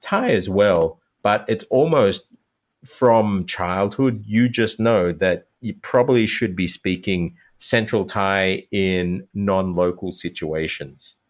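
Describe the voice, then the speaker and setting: A man, a language teacher, talking as a guest in a casual podcast interview, animated and dropping into quick voiced examples. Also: sits low.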